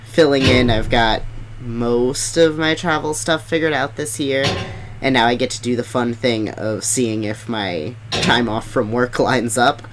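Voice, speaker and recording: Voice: medium pitch, a little slow, background noise. A podcast co-host chatting casually in a loose, upbeat way with plenty of fillers.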